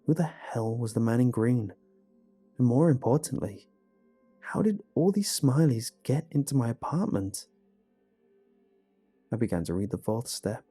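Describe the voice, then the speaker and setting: A man narrating a first-person horror story in a measured, hushed way. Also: mid-range voice, expressive, breathy edge. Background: faint music.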